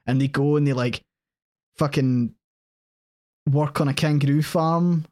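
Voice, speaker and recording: A Scottish podcast co-host in casual chat, animated, swearing freely and laughing often. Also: mid-range voice, unhurried.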